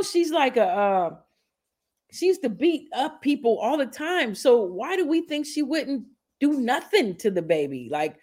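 A woman's voice: a little high, sing-song, moderate pace, darkish tone. A woman giving reaction commentary in an outraged, profane, emphatic way.

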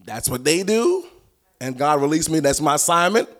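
Male preacher, fairly high voice, animated teaching sermon, folksy and repetitive. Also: moderate pace. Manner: animated, punchy repetition, rises to shouts and sung phrases; folksy colloquial delivery. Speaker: prophetic ministry teacher.

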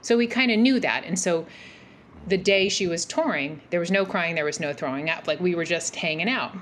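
A woman in her forties telling a personal story as a podcast guest, animated and rambling, with many fillers and restarts. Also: on the low side, moderate pace, slight background noise. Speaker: podcast guest, mental health practitioner. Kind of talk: casual interview storytelling.

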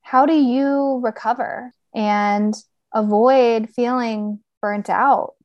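A woman's voice: on the high side, steady tone, slow, no room sound, muffled recording. Young woman interviewer, dry close sound. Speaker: interviewer, medical student. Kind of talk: interview questions.

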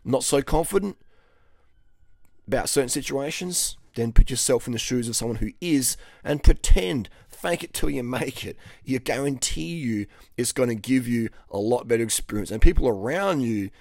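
A man coaching in a blunt, profane, casual monologue that swings between loud and quiet. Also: mid-range voice, lively intonation, normal speed, gravelly, no echo, studio quality. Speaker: fitness coach.

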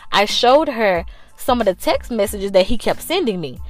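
Animated young woman telling a story. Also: mid-range voice, normal speed, no room sound. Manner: animated, addresses the viewers directly, swears freely. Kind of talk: casual storytime.

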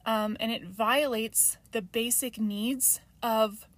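A woman's voice: fairly high pitch, fairly even intonation, slow, fairly bright tone, dry recording. A woman in her thirties hosting a solo podcast, talking earnestly and confessionally with frequent ums. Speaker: podcast host. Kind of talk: reflective solo podcast talk.

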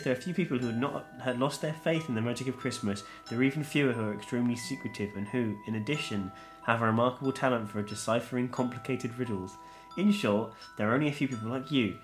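A man's voice: medium pitch, natural voice. A man reading aloud as a desperate letter writer who begs the listener for help.

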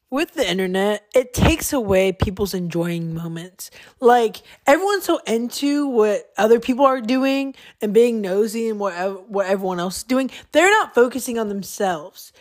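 A young woman hosting her own podcast, talking casually and rambling with lots of fillers and self-corrections. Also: mid-range voice. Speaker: podcast host. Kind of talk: casual solo podcast monologue.

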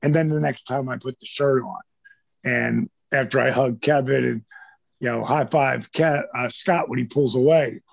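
A middle-aged man, a former pro wrestler, telling stories as an interview guest in a lively, casual way and swearing freely. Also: mid-range voice, moderate pace, vocal fry, husky, no echo. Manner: animated storyteller who acts out quotes, swears freely. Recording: dull lo-fi dry sound.

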